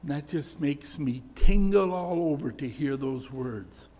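A man's voice: on the high side, expressive, slow pace, dark tone. An older man preaching a sermon, telling personal stories in an earnest, storytelling way. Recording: echoey church hall reverb.

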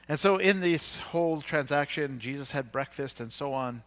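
Relaxed, conversational male preacher. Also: medium pitch, normal speed. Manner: conversational, retells scripture in plain words with fillers and restarts. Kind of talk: sermon.

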